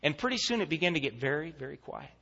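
A male pastor preaching a sermon, telling a vivid story and then making an earnest, hushed appeal. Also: on the high side, very animated, very fast. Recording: echoey church hall, dull lo-fi sound.

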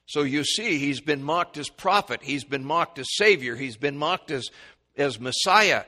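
A man preaching an expository sermon, reading scripture aloud and explaining it, his voice climbing high and loud when he quotes the mockers. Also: lively intonation, measured pace, in a large hall. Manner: rises sharply in pitch and volume when quoting mockers; reads scripture in King James wording with commentary.

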